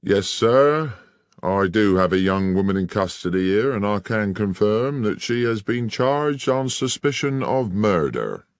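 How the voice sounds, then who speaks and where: A man's voice: on the low side, expressive, unhurried, no room sound, clean studio sound, pitched above the performer's own voice. A male narrator voicing a self-important country police sergeant who speaks in a pompous, condescending way.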